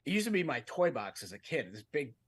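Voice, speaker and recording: A man's voice: medium pitch, big pitch swings, fairly quick, breathy edge. A man on a comedy podcast telling a long story in a casual, rambling way, often breaking off and laughing mid-sentence. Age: adult, with a fiance. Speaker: podcast co-host.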